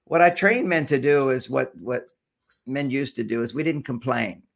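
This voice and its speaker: A man's voice: mid-range voice, moderate pace, creaky. An older man, a guest author, explaining relationship ideas with generalizations and stories in a talk show interview.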